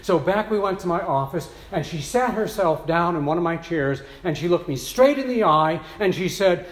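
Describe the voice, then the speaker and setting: A man's voice: high-pitched, lively intonation, normal speed, hardly any pauses, roomy sound. A man preaching a sermon as pastor, telling stories in a chatty way with many asides. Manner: conversational storytelling with many asides.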